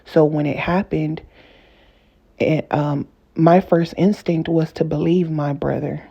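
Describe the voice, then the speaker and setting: A woman's voice: low-pitched, fairly even intonation, slow pace, creaky, dark tone, breathy edge, highs cut off. A woman vlogger in an earnest, casual monologue who repeats and rephrases herself for emphasis. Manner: earnest, repetitive, builds emphasis through rephrasing. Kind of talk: casual personal monologue to camera.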